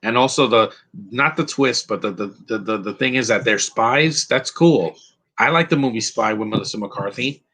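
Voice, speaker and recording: A man's voice: medium pitch, moderate pace, pushed and bright, poor audio. A man giving a rambling, opinionated live commentary over a film, restarting his sentences often. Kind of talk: casual live movie commentary.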